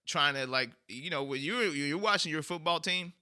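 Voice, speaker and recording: A man with a very bright, slightly high voice chats casually on a podcast. He tells his stories with animated energy and gets loud when he is excited. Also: normal speed, smooth. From United States. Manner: animated storyteller, bursts into shouting when excited. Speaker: podcast co-host. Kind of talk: casual chat.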